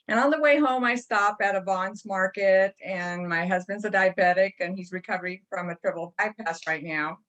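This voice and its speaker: ためらいがちに話す女性の参加者. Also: female voice, medium pitch, sharp tone. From California. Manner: rambling, hesitant, many ums. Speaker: participant on a coaching call. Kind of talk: casual personal story.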